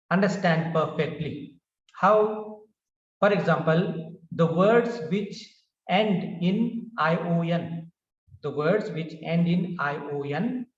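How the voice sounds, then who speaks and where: A man with an Indian English accent teaching English word stress, slowly repeating each word, with frequent "uh" fillers. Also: on the high side. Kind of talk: classroom pronunciation lesson. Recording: dull, roomy recording from a distance.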